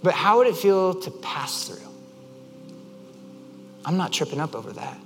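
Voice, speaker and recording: High-voiced man preaching in a reverberant hall. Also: a little slow, music in the background. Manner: animated storyteller who acts out quotes. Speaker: pastor. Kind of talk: sermon with personal stories.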